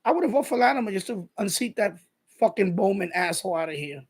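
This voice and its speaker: Live stream host, New man, husky, profane and combative, casual rant. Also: high-pitched, lively intonation, fast talker. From New York. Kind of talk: casual ranting monologue.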